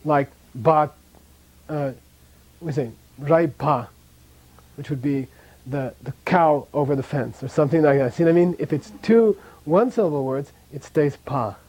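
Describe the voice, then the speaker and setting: A man's voice: fairly high pitch, measured pace, a little mellow, low-quality recording. A man teaching a language class, patiently repeating sounds for his students and chuckling now and then as he explains. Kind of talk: classroom lesson with drills.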